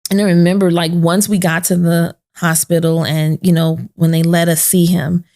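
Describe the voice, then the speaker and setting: A woman's voice: fairly low pitch, little pitch movement, moderate pace, darkish tone. A woman hosting a podcast, telling an emotional personal story and acting out the voices of the people in it. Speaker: podcast host. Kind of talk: sit-down podcast conversation.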